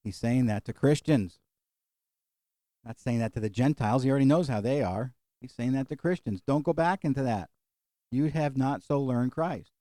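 A middle-aged male pastor preaching a sermon and closing in prayer, folksy and animated, acting out little quotes and jokes. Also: mid-range voice, normal speed, no room sound, clean studio sound.

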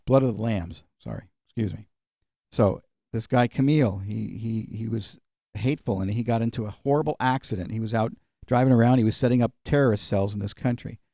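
A man's voice: on the low side, a little fast, gravelly, mellow, no echo, studio quality. A male pastor preaching in a conversational storytelling way, with frequent fillers. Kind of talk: sermon.

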